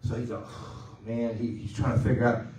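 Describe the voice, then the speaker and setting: A man's voice: medium pitch, little pitch movement, normal speed, warm tone, far from the mic, slight background noise. Preaching man in an echoey church. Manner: conversational, joking, with call-and-response. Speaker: pastor. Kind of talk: sermon. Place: church sanctuary.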